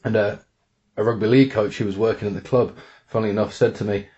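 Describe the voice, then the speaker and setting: A man's voice: fairly low pitch, fairly even intonation, quick pace, darkish tone. A man who works as a coach, thoughtfully explaining his approach in an interview, repeating words as he thinks. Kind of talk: reflective interview answer. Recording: dull lo-fi sound.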